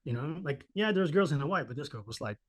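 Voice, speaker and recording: A fast-talking man in his thirties, his voice on the high side, shares a personal anecdote during an easygoing podcast chat. The telling is animated and full of profanity, with him acting out each person's voice.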